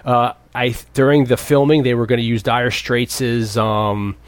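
A man in his thirties talks through a film in loose, rambling casual chat. His voice sits at a middle pitch and is recorded close and dry, with no room sound. He jumps high to act out the characters. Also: flat delivery, measured pace, no echo. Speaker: podcast co-host. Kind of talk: casual movie discussion.

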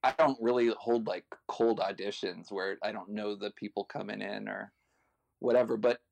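A man's voice: fairly low pitch, fairly even intonation, moderate pace, gravelly, a little mellow. A man in casual podcast chat, talking candidly, swearing and laughing as he goes.

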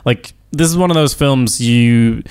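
A man's voice: medium pitch, unhurried, darkish tone, clear, resonant tone. A man co-hosting a film discussion podcast, talking casually with dry, sarcastic humor. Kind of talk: casual chat.

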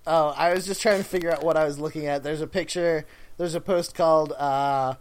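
A man's voice: fairly high pitch, steady tone, a little fast. A man co-hosting a podcast, joking wryly through casual banter and chuckling often. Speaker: podcast co-host.

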